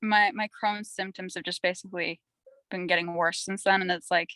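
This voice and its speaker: A woman's voice: on the low side, fairly even intonation, moderate pace, pushed and bright, no room sound, rough recording. A young woman from Canada, a podcast guest, telling her story in a rambling, candid, chatty way. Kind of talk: candid casual conversation.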